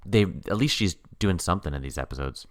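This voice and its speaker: A man with a low voice chats casually on a podcast, recapping a TV episode. He keeps breaking into short mock voices to act out what the characters say. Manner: animated, acts out characters' lines in quick mock voices. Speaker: podcast co-host. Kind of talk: casual chat recapping a TV show.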